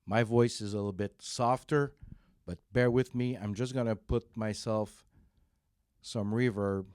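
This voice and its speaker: A man's voice: fairly low pitch, steady tone, a little slow, a little mellow, clean tone. A man in his fifties who plays drums, chatting casually from his home studio while demonstrating vocal microphones, thinking aloud and correcting himself as he goes. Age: 50s. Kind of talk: casual gear demo talk to camera. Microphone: studio vocal microphone close up.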